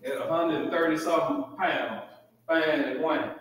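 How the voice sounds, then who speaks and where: Older male pastor, folksy sermon, high and lively voice, heard from far off in a big echoing hall. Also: moderate pace, slight background noise. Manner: folksy, preaching with lively swings between loud and low. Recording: echoey church hall, mic far off.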